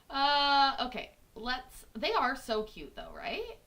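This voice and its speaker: A woman's voice: high voice, pushed and bright. A young woman, born in Scotland, chatting casually as a host and poking fun at herself with a giggle. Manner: chatty, self-mocking, giggly. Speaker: host reacting to court videos. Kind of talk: casual chat.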